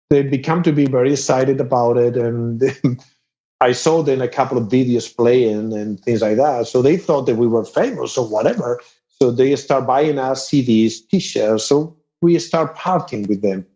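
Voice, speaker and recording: A Spanish-accented man spins a lively anecdote, leaping into a far higher voice whenever he quotes someone. His pitch sits mid-range and the recording sounds a little dull and lo-fi. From Spain. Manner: animated, acts out other people's lines in a much higher voice, laughs often. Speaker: guest musician. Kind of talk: casual storytelling.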